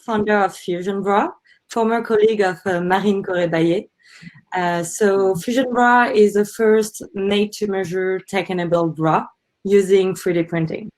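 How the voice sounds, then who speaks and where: A woman founder speaks on a panel, explaining her points earnestly with small fillers. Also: mid-range voice. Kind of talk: panel discussion. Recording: muffled lo-fi audio.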